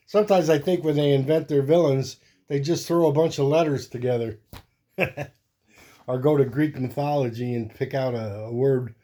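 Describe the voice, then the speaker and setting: Laid-back guy going thru his comic pile out loud, slow easy talker, rambly. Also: medium pitch. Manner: rambling, easygoing, thinks aloud while flipping through comics. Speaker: host. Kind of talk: casual comic collection show-and-tell.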